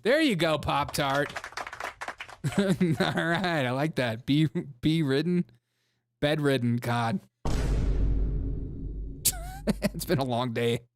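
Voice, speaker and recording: A man's voice: on the high side, takes it slowly, long pauses, slight background noise. A young man hosting a comedic political livestream, joking, laughing often and reading chat comments aloud. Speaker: live stream host. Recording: music playing behind the voice.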